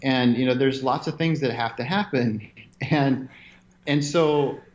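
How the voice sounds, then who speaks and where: A man being interviewed, telling stories in an animated way and laughing now and then. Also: medium pitch, measured pace, highs cut off, a little hiss or hum. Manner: animated storyteller, laughs often. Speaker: interview guest, gym owner. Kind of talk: conversational interview.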